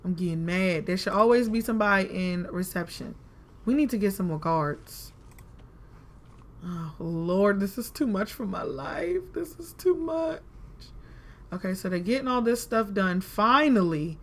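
A woman's voice: mid-range voice, expressive, normal speed. A woman giving casual let's-play commentary, chatty and talking to herself, with frustrated exclamations. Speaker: gaming video creator.

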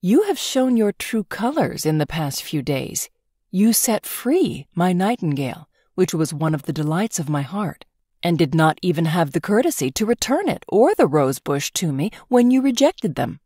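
A woman's voice: lowish voice, sing-song, warm tone, husky, dry recording, clean studio sound. A woman reading as a reproachful young prince. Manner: measured, formal scolding delivery. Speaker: storybook reader. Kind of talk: storybook read-aloud.

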